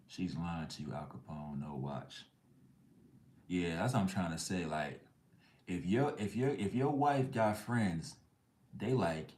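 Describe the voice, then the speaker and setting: A man's voice: sits low, animated, takes it slowly, pauses often, a little mellow, reverberant. A man hosting a live chat stream, ranting bluntly in heavy slang. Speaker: livestream host.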